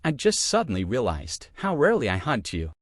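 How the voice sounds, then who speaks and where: A man voicing an older man who jokes gently about himself. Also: mid-range voice, huge pitch swings, a little fast, no room sound, studio quality. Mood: wistful.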